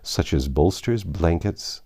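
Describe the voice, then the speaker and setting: A man narrating a classic novel with an expressive, theatrical reading. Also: sits low, slow.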